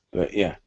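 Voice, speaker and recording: A man's voice: extremely low pitch, creaky, bright, forceful tone, breathy edge, no room sound. A British man hosting a casual online hangout chat, talking in a stop-start, rambling way with many restarts. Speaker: host. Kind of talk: casual video-call chat. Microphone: computer mic on a video call. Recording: muffled lo-fi call audio.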